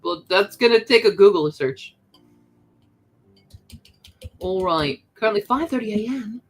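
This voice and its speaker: A woman's voice: mid-range voice, lively intonation, a little slow, faint music behind, rough recording. A young woman chatting casually with her stream viewers while she works on a craft project, reading chat aloud as she goes.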